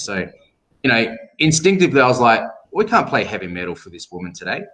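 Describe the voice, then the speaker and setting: A man's voice: mid-range voice, fast. A middle-aged Australian man, a tattoo artist guest, telling stories casually and acting out the voices of people he quotes. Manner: animated storyteller who acts out quoted voices. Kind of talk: casual storytelling interview.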